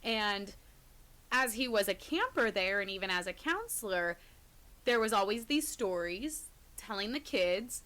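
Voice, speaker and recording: A woman co-hosting a podcast, casually retelling creepy stories, sometimes dropping to a hush and often laughing. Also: medium pitch, expressive, a little slow. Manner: retells scary stories, drops to hushed tones, laughs often. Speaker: podcast co-host. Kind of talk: casual storytelling chat.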